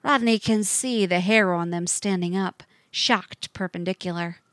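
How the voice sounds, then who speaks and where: A woman narrating a fiction story aloud with an expressive, varied delivery. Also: on the low side, measured pace, dry recording, studio quality.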